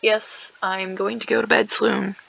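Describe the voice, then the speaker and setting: A teenage girl talks over her gameplay in a slow, drawn-out ramble. Her voice carries a gravelly fry, and she often slips into whispers or sings a few lines. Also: mid-range voice, level tone, a bit bright, muffled recording, slight background noise. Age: teens. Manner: rambling, self-aware, drifts into whispers and song. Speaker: gaming streamer. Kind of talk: casual gameplay chat.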